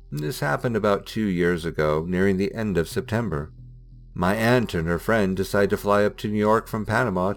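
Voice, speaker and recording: A man narrating listener-submitted ghost stories in a measured, suspenseful reading style. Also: fairly low pitch. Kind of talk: scripted storytelling narration.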